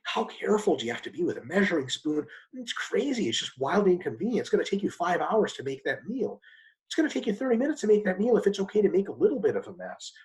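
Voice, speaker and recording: Here the guest expert has a sing-song voice, delivered fast with abrupt pitch jumps. He answers the interviewer's questions bluntly and emphatically, swearing casually as he goes, and the recording quality is low.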